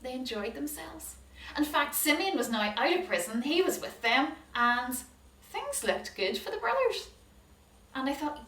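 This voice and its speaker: A woman telling a Bible story to children as a Sunday school teacher, animated and asking her listeners questions. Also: fairly high pitch, moderate pace. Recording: roomy hall, distant mic.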